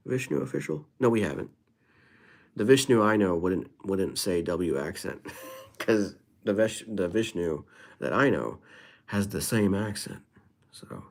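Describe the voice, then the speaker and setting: A man's voice: deep voice, animated, a little slow, gravelly. A man chatting casually on a live stream, playfully rhyming and dropping into whispers. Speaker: livestreamer. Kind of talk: casual live-stream chat with freestyle rhymes.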